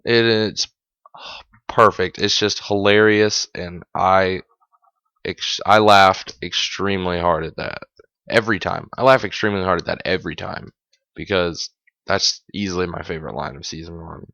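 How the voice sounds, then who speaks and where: A man's voice: sits low, steady tone, moderate pace, vocal fry, bright, forceful tone, dry recording. A man hosting a podcast, chatting casually through an episode recap, amused and correcting himself as he goes. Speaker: podcast host. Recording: dull, dry lo-fi sound.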